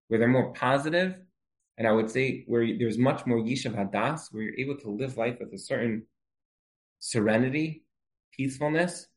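Guy giving a moral talk, earnest, storytelling, mid-pitched voice, gets fired up with questions. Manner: earnest, animated storytelling with repeated rhetorical questions.

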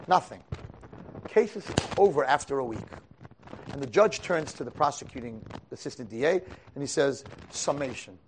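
A man tells a long story to his class with plenty of animation. His voice sits fairly high, and it drops to hushed asides before climbing to loud, dramatic peaks. The delivery is quick and chatty. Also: lively intonation. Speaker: rabbi teaching a class. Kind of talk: storytelling lecture.

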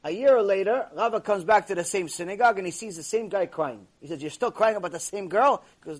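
A man with a high, husky voice gives a Torah lesson to a room of listeners. He tells stories with animation and mixes Hebrew terms into his plain talk. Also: animated, fast talker. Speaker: rabbi teaching a class. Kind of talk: Torah class lecture. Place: classroom with a live audience.

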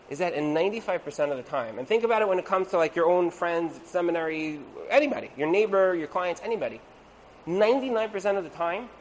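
A man with a high voice teaches an evening class on Torah and marriage, keeping it chatty. He tosses in rhetorical questions and slips into the voices of the people he quotes. A faint noise runs under his voice. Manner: conversational, asks rhetorical "right?", acts out quoted voices.

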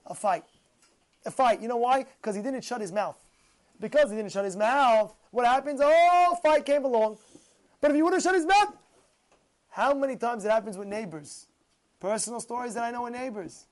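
A man giving a casual storytelling sermon as a Torah teacher, animated and repeating phrases for emphasis. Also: very high voice, moderate pace.

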